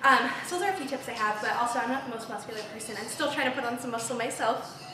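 A woman's voice: on the high side, quick pace, background noise. A young woman coaching a live workout, upbeat and cheering through the reps while out of breath. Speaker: fitness instructor. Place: large empty home gym floor. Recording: echoey room, mic far off.

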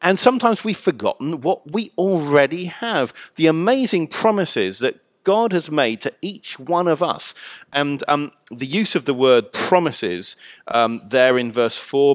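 A man explaining scripture as a guest scholar, measured and thoughtful with frequent pauses. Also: mid-range voice, no echo. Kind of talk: explanatory teaching.

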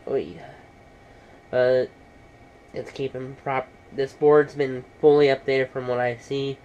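A man's voice: mid-range voice, little pitch movement, takes it slowly, darkish tone, smooth, muffled recording. A man casually talking through a laptop repair in a how-to vlog, rambling and matter-of-fact. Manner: rambling, many fillers and restarts. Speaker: computer repair vlogger.

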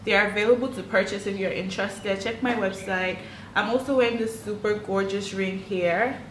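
Woman, makeup vlogger, casual upbeat chat, mid pitch, roomy echo, faint background hiss. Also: fairly even intonation, normal speed, a bit bright. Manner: chatty, upbeat, frequent "like" fillers. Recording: echoey room.

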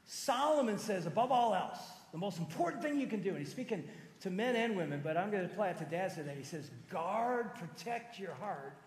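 A man in his fifties, a pastor preaching a sermon in a conversational, animated storytelling manner. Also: high voice, fast. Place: large church auditorium. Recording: echoey church hall with long reverb.

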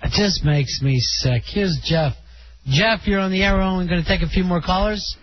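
A man's voice: high-pitched, normal speed. A man hosting a talk radio show, chatting with callers in a wry, drawling way. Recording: dull lo-fi radio broadcast.

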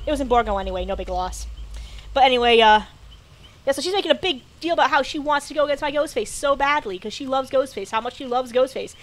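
A woman's voice: sits high, lively intonation, quick pace. A woman streamer giving casual gameplay commentary, chatty and grumbling, talking to the game's characters. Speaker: gaming streamer.

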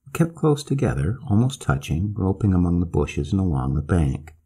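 Male storyteller with a very deep, gravelly, husky voice who reads a spooky tale in a measured, expressive way. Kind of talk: scripted narration of a classic ghost story.

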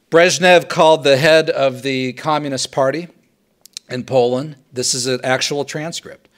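A male professor giving a lively history lecture to students and acting out quotes as he tells the story. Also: medium pitch, a little slow. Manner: animated storytelling, acts out quotes. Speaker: political science professor. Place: live talk to a student audience.

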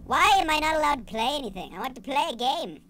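Excitable high-voiced young woman gamer. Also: fast talker, slight background noise. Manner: excitable, sarcastic, swears and yells at the game. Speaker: gaming channel host. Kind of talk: let's play commentary.

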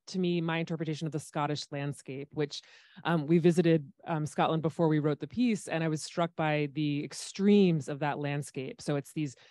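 A woman's voice: fairly low pitch, a little mellow, no echo, clean studio sound. A woman composer on a discussion panel, explaining her music in a chatty way with frequent ums.

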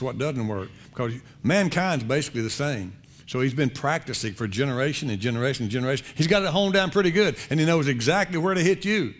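A male pastor preaching a sermon in a conversational, folksy way, repeating phrases for emphasis. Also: mid-range voice.

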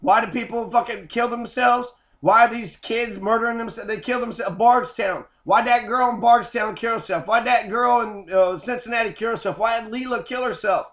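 A man's voice: extremely high pitch, normal speed, hardly any pauses, fairly bright tone. A man in an angry, profane rant, cursing and repeating himself. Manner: heated, cursing, repetitive. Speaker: host.

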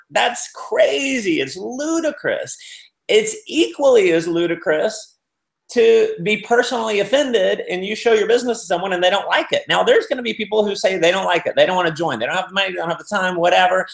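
A man's voice: high voice, a little fast, creaky. A man giving a motivational business talk, telling stories and acting out the people in them. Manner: animated storyteller acting out quotes. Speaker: business speaker. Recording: roomy echo.

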